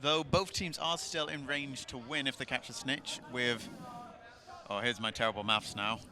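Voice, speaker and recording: A man's voice: mid-range voice, steady tone, normal speed, a crowd in the background. A man doing live match commentary outdoors with jokey, chatty banter.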